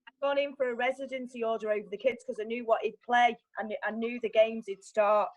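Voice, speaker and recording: A woman's voice: fairly high pitch, fast talker, poor audio. Blunt, swearing young woman. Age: young adult. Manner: blunt, swears often, animated. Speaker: guest. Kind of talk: candid personal storytelling.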